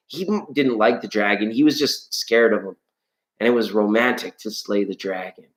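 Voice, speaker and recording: A man's voice: mid-range voice, moderate pace. A man hosting a live tarot stream, chatting playfully with viewers and sometimes singing scales. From Canada. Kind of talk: casual live-stream chat reading viewer comments. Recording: echoey room.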